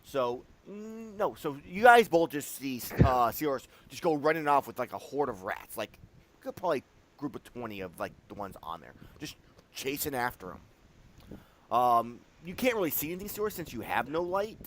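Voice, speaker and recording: A man runs a tabletop game as its game master, his voice rising and falling widely as he narrates. He talks loosely, full of fillers, and slips into quick little voices for the people in the scene. A faint hiss sits under him. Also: medium pitch. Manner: animated, loose, full of "like" and acted-out quotes.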